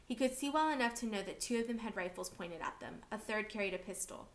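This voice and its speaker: A woman reading a novel aloud for a class, steady and expressive. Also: medium pitch, fast.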